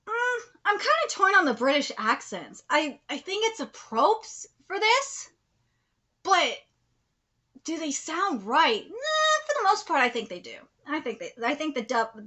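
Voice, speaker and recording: A woman streaming a casual live reaction, frank and swearing, laughing often, swinging from muttered asides to loud exclaiming. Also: on the high side.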